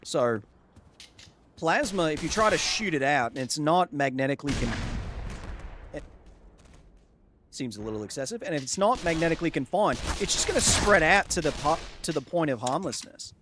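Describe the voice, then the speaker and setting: A man with a slightly high, animated voice live-streams a video game at normal speed, with long pauses, over background noise. Loud gunfire and game ambience sit behind him as he yelps in surprise at enemies and explains science at length to his chat.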